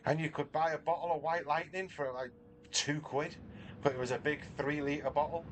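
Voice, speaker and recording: A brisk, rather high-pitched voice with fairly even intonation comes through over background noise. It belongs to a middle-aged Mancunian livestreamer in his home garage, casually and self-deprecatingly chatting with viewers as he races.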